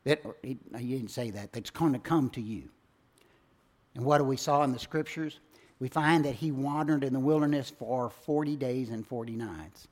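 A man preaching a sermon, swinging from loud emphatic lines to hushed, low phrase endings. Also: moderate pace. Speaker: pastor.

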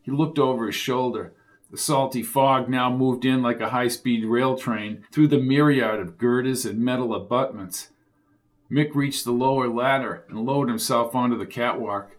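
A man's voice: mid-range voice, steady tone, moderate pace. Man narrating a thriller audiobook.

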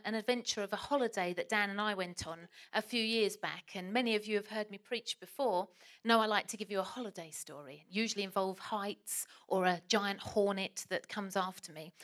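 Woman, preacher, sermon, chatty self-deprecating storytelling, mid pitch. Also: a little fast, a bit bright.

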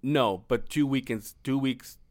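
A man's voice: medium pitch, measured pace, a little mellow, dry recording, studio quality. A man in his thirties, co-hosting a podcast, telling rambling, profane stories with frequent laughter. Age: 30s. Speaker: podcast co-host. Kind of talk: casual storytelling chat.

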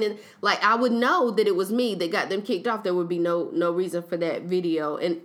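A young woman co-hosting a podcast in casual chat, retelling a story with lively quotes and laughing at her own slips. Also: fairly low pitch, fairly quick, hardly any pauses. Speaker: podcast co-host.

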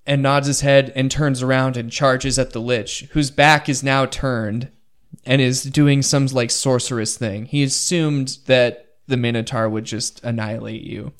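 A man narrating a tabletop game as game master, counting dice rolls aloud with excitement. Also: medium pitch, unhurried, clear, resonant tone.

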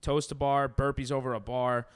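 A man co-hosting a podcast, talking about gym programming in casual chat, animated and laughing often. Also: mid-range voice, normal speed, clear, resonant tone. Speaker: podcast co-host and gym coach.

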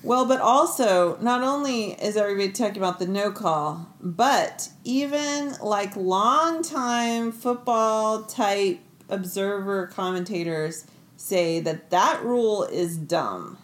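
A woman's voice: mid-range voice, animated, slow pace. A woman co-hosting a podcast, chatting casually and teasingly about football. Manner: playful, teasing, chatty sports talk. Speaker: podcast co-host.

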